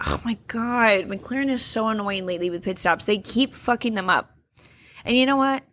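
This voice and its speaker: A woman co-hosting a podcast in casual chat, animated and swearing freely as she talks. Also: on the high side, normal speed, slight background noise. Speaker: podcast co-host.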